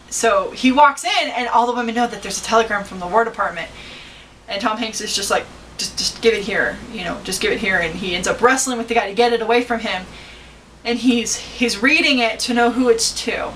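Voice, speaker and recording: A woman's voice: mid-range voice, sharp tone, far from the mic, slight background noise, poor audio. A woman talking about a movie with her daughter in a chatty, rambling way, now and then acting out lines in put-on voices. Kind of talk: casual chat.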